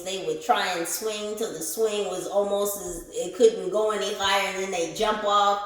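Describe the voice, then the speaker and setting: Woman, tarot reader, animated, laughing, swearing, very echoey room. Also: medium pitch. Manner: animated and laughing, swears freely, addresses viewers as collective. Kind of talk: casual spiritual reading.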